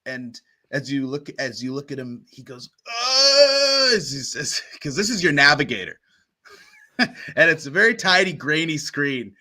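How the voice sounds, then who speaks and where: A man's voice: medium pitch, moderate pace, sharp tone. A man narrating as game master of a tabletop game, chatty and laughing often as he talks.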